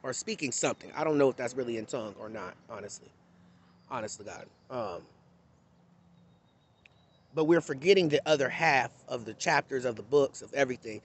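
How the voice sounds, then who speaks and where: A man's voice: mid-range voice, a little fast, long pauses, a little hiss or hum. A man giving an unscripted, blunt and impassioned monologue to camera in a candid, conversational tone. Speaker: vlogger.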